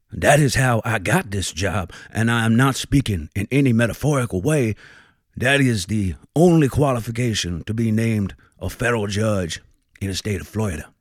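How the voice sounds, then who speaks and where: A man doing a blustering, foul-mouthed judge with a drawl, all pomp and grievance, swinging from bellows down to low mutters. He sits at a middling pitch and sounds close and dry, with no room sound around him. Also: no echo, lightly acted. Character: blustering, vain, foul-mouthed male Southern federal judge. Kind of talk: comic character monologue.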